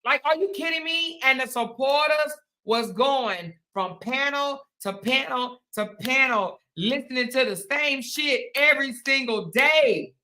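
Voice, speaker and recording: Bright-voiced woman ranting sarcastically. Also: sits high, measured pace, hardly any pauses. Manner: sarcastic, repetitive, mocking, emphatic. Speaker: commentary channel host. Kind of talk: ranting commentary monologue.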